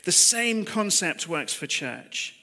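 High-pitched and sing-song, the man speaks at a slow pace with a bright, forceful tone. He's in his thirties, preaching a chatty, confessional sermon over a video call and posing rhetorical questions, captured on a computer microphone.

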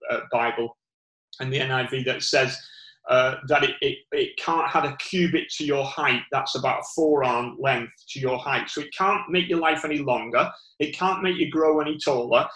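A man with a Northern English accent preaches an informal sermon in a slightly raised voice, often pausing and restarting. His voice rings around an echoey room. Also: fairly high pitch, bright, forceful tone. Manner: rambling, many fillers and restarts.

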